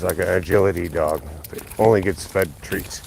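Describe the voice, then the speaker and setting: A man chatting casually and cursing as he walks his dog, muttering asides and jumping way up in pitch to praise the dog, filmed on a phone outdoors. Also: moderate pace, gravelly, background noise. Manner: relaxed and profane, muttering asides, jumps high when praising the dog. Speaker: dog owner streaming a live walk. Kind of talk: casual live-stream commentary while walking a dog. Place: outdoors on a street. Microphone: phone held while walking.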